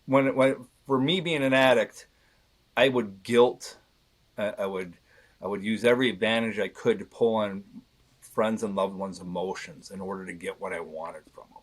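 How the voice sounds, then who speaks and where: A man's voice: fairly low pitch, fairly even intonation, normal speed. A man in his thirties, a podcast guest, speaking candidly and earnestly, often restarting his sentences. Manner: earnest, rambling with many restarts. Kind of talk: candid conversation.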